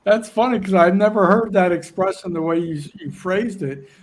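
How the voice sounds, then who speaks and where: Excitable laughing man from Delaware. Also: high voice, normal speed, a little hiss or hum. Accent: Delaware, near Philadelphia. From Wilmington, Delaware. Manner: excitable, laughing, stumbling restarts. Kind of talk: casual chat.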